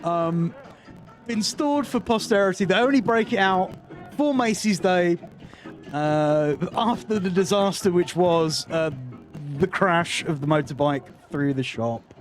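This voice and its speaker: A man's voice: high voice, unhurried, soft background music. A British man hosting a reaction video, giving casual commentary with wry, sarcastic asides. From Britain.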